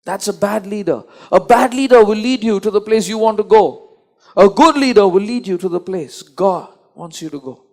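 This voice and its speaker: A man's voice: high voice, moderate pace, darkish tone. A man preaching a sermon, emphatic and repetitive, often restarting his sentences.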